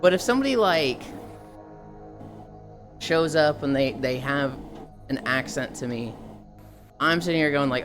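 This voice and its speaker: Low, animated streamer woman. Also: unhurried, long pauses, faint music behind. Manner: animated, laughing, acts out quotes. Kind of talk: casual chat. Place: VR chat stream.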